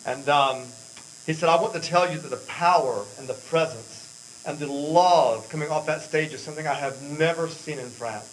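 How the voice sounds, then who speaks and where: A man's voice: a little high, moderate pace, slight background noise, poor audio. An American man speaking earnestly at a church mission presentation, rambling a little with fillers and restarts. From United States.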